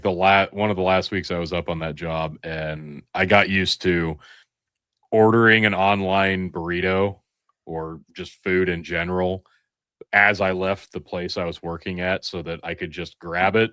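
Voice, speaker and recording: Bright-voiced Midwestern man telling stories. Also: deep voice, no echo, clean studio sound. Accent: Midwestern American. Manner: animated storyteller, swears freely. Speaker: podcast co-host. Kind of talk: casual chat.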